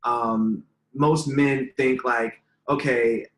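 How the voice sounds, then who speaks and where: A man at middle pitch talks through his answers earnestly, circling back with lots of fillers as he works toward his point. His voice carries a noticeable room echo, as if recorded in an open space. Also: brisk, fairly bright tone. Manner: earnest, rambling, many fillers. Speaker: relationship content creator, guest. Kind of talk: casual interview answers. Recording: roomy echo.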